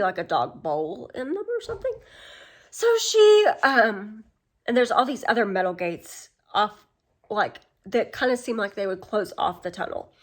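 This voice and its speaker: Woman, casual rambling film recap, filler-heavy chatter. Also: mid-range voice. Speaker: film summary vlogger.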